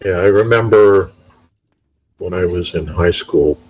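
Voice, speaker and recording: A middle-aged man in casual conversation, telling stories in a measured, unhurried way. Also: low voice, darkish tone, dull audio. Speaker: talk show participant. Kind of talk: casual chat.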